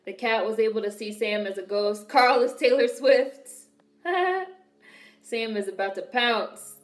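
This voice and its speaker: Speaking a little slowly at medium pitch, this young Washington, D.C. woman reacts to a film with blunt talk and profane wisecracks. It's casual commentary recorded in a spacious, echoey room.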